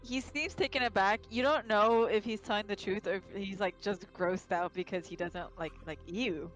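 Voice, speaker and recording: A woman narrating a tabletop game as game master in a relaxed way, with small hesitations. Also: medium pitch, moderate pace, soft background music.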